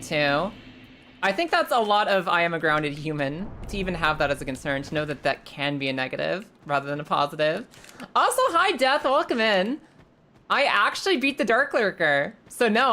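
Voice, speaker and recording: Low, lively woman streamer, swearing freely. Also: slight background noise. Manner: animated, swears freely, jumps into squeals when startled. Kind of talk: casual live game commentary and chat.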